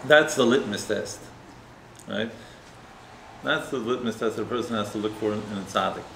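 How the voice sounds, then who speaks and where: A man's voice: lowish voice, normal speed, creaky, fairly bright tone. A man, a rabbi, preaching and telling a story in a conversational way, often ending points with a tag question. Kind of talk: sermon with storytelling. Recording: roomy echo, faint noise.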